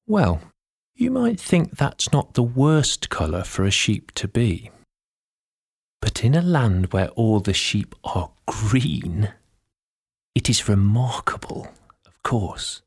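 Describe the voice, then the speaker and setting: A man reading a bedtime story aloud, gentle and drawn-out, dropping now and then into soft whispered asides. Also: fairly low pitch, sing-song, vocal fry, slightly rough.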